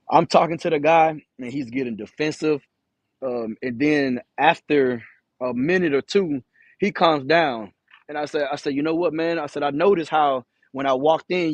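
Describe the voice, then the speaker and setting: Man, trucker vlogger; rambling, profane storyteller who stutters; slightly high voice, dry close sound. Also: no echo, dull audio. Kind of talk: casual storytelling to camera. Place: in his truck.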